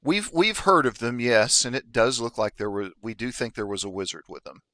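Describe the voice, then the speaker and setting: Measured formal kobold queen played by a man, slow deliberate speech, tabletop game. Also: mid-range voice, fairly bright tone, natural voice. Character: stern female kobold queen.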